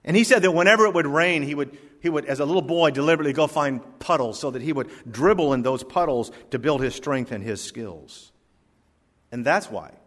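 Man preaching in a reverberant church hall. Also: a bit bright. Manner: storytelling preacher with wide swings in pitch and volume, slowing for emphasis. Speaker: pastor. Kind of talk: sermon. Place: church sanctuary.

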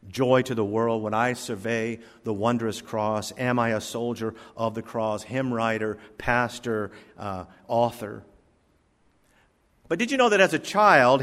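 Male preacher, mid-range voice, storytelling sermon, dynamic and emphatic, reverberant church hall. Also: a bit bright. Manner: storytelling preacher with wide swings in pitch and volume, slowing for emphasis. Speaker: pastor. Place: church sanctuary.

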